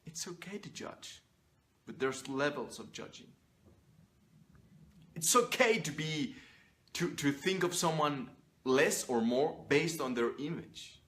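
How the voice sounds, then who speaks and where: A man's voice: a little high, animated, slow, long pauses, fairly bright tone. Blunt, profane man lecturing to camera. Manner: blunt and profane, emphatic preaching. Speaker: image coach. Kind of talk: motivational monologue to camera.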